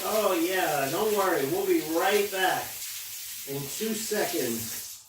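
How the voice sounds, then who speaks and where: Speaking slowly in a high, animated voice, a man shows off a recipe in a relaxed kitchen demo. This home cooking host exclaims with enthusiasm over the food as he goes, recorded in an echoey room with faint noise.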